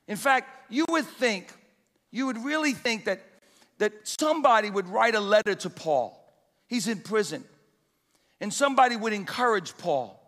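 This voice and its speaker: Man, pastor, sermon, very high pitch, emphatic exhortation, long church reverb. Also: fairly bright tone. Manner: emphatic preaching with repeated exhortations.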